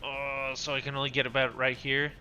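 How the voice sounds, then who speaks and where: A man playing a tabletop game who gets excitable and shouts in bursts, slipping in and out of his character. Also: mid-range voice, fairly quick. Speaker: player. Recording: dull lo-fi sound with faint background music.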